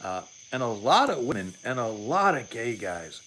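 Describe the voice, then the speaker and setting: A man's voice: medium pitch, very animated, normal speed, fairly bright tone, slight background noise, poor audio. A man in his late forties hosting a livestream, talking in a rambling, opinionated way and often restarting his sentences. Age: 40s. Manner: rambling, repeats words and restarts, sarcastic asides. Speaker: livestream host. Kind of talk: casual political commentary.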